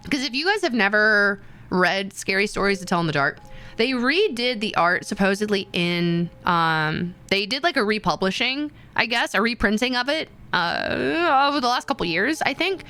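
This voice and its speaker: A woman streamer chatting casually with her viewers, animated and excitable, with sudden gasps and high squeals. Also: normal speed, clear, resonant tone, soft background music. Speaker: VTuber streamer.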